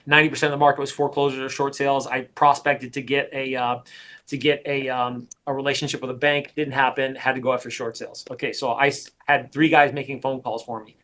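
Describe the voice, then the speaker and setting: A middle-aged man coaching a sales team, talking in an energetic, emphatic way and often repeating his points. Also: mid-range voice, quick pace. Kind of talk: coaching session.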